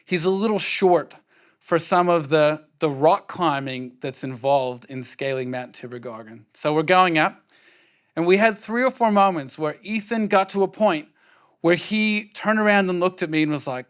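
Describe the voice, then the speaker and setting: A man's voice: fairly high pitch, normal speed. An earnest man, giving a conversational conference workshop talk and checking in with the audience. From Australia. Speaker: workshop speaker.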